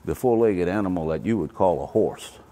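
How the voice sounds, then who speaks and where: A man's voice: low-pitched, dark tone, a little hiss or hum. A man with a Louisiana accent shaped by Italian vowels, explaining patiently. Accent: Louisiana with Italian-influenced vowels. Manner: patient, deliberate. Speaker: interviewee. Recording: reverberant room.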